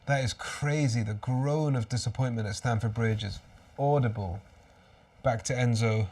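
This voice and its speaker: A man hosting a live fan watchalong, calling the match as it happens. He swings between excited shouts and weary, resigned muttering, with a voice in the middle range. He sits a little back from the microphone, so his voice sounds slightly distant. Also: medium pitch, moderate pace, slightly rough. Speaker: host of a fan watchalong stream.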